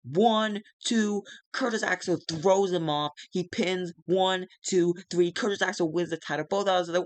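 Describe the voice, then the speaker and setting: A young man talks through a wrestling simulation game in a loose, casual way, recapping each match. His voice sits a little high, and the recording is dry and close to the mic. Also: dry recording. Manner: recaps matches and briefly acts out wrestlers' lines in quick, squeaky outbursts. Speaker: wrestling sim game player narrating. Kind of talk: casual let's-play narration.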